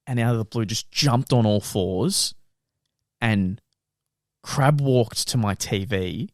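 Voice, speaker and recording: A man's voice: mid-range voice, no echo, studio quality. A young man telling a story on a podcast, acting out voices and laughing often. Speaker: podcast co-host. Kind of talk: casual storytelling chat.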